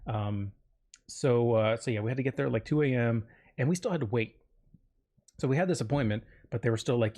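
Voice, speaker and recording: A man's voice: medium pitch, animated, fairly quick, mellow. A man hosting a solo podcast, telling a personal story in a rambling, self-interrupting way with frequent fillers and jokes. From Florida, United States. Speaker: podcast host.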